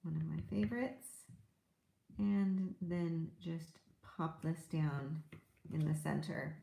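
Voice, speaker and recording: A middle-aged woman talks viewers through a live craft demonstration, chatty and easygoing, pausing now and then to find her words. Her voice sits a little low for a woman, and the room around her rings with echo. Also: steady tone, creaky, warm tone. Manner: chatty, explains while working, small hesitations.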